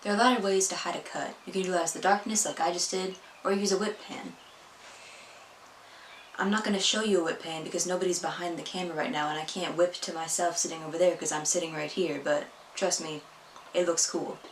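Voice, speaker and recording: A woman's voice: fairly low pitch, fairly even intonation, fairly quick, roomy sound, slight background noise, poor audio. A young woman vlogging a casual editing tutorial at home, chatty and self-deprecating, filmed on a tripod camera. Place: home room.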